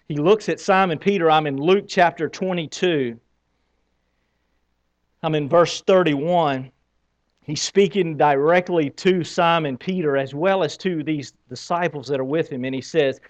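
A male pastor delivers a sermon in a fairly high voice. He talks to the congregation as if chatting with them and often puts questions to them as he moves around the stage. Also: moderate pace. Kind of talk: Easter sermon.

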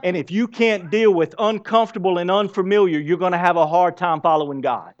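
A man in his forties delivers a sermon in a high voice and talks with his congregation rather than at them. He drops to hushed asides, then pushes back up to loud emphasis. The recording is a little dull and lo-fi. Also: fairly quick. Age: 40s. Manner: conversational preaching, questions the congregation. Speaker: pastor.

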